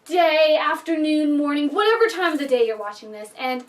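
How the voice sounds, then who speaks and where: A high-pitched woman talks through a book-and-movie review, chatty and openly emotional. Her voice sits a little back from the mic. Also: a little fast, recorded from a distance. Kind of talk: casual vlog review.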